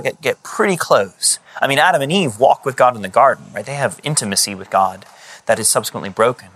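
A man delivering a sermon in an animated, conversational way. He retells scripture as though the figures were talking today, his voice sitting at an everyday middle pitch. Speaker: preacher.

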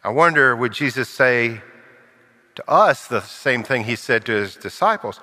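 An older man preaching a sermon, acting out quoted voices and sinking to a hush for solemn lines. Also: medium pitch, expressive, unhurried, big-room sound.

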